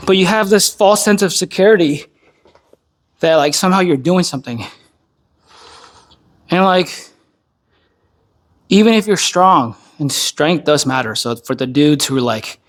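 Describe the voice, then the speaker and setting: A man's voice: a little high, measured pace, pauses often. A man who is an army veteran, tired and worn down, speaking in a blunt and heavily profane casual monologue. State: tired, worn down by recent illness.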